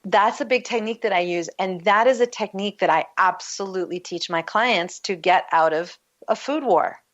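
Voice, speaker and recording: A woman's voice: medium pitch, normal speed, a bit bright. A woman coach as a guest on a talk show, explaining with easy metaphors and laughing often. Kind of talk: casual interview talk. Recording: lo-fi muffled line.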